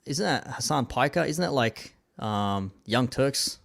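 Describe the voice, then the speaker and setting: A man's voice: medium pitch, lively intonation, measured pace, vocal fry. A man hosting a casual commentary show, reading viewer comments in a laid-back way, dropping "man" and "like" often.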